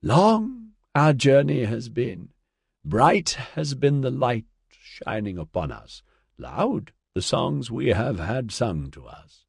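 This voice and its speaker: A man reading an audiobook, voicing an ancient, sad female alien who speaks in slow, lilting riddles. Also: mid-range voice, very animated, creaky, slightly rough, dry recording, studio quality, exaggerated voice. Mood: mournful. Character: ancient serene female alien singer, mournful.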